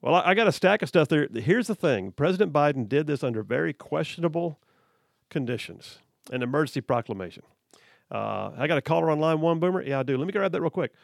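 Gravelly talk radio host, man. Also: fairly high pitch, lively intonation, quick pace, no echo, clean studio sound. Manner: emphatic, rhetorical questions, frequent restarts. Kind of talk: opinionated talk radio monologue. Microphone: studio microphone.

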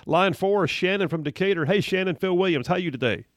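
A man hosting a call-in radio talk show, bantering quickly and upbeat with callers. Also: high voice, no room sound. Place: radio studio. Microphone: studio mic, close.

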